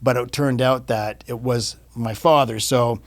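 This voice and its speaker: A man in his fifties, a podcast guest, telling a personal story in casual interview talk, animated and repeating words as he goes. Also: medium pitch, measured pace. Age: 50s.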